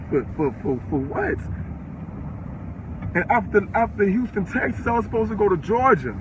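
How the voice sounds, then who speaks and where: A man's voice: high voice, noisy background. An eighteen-year-old man from the Chicago area, ranting on a livestream, furious and profane, repeating himself. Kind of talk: angry livestream rant.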